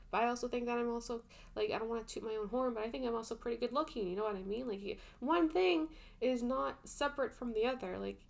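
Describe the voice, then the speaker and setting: A young woman talks through her monthly reads in a loose, rambling way, piling on fillers and exasperated asides. Her voice sits at a middling pitch with a noticeable gravelly fry. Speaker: book vlogger. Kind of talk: casual book review rant.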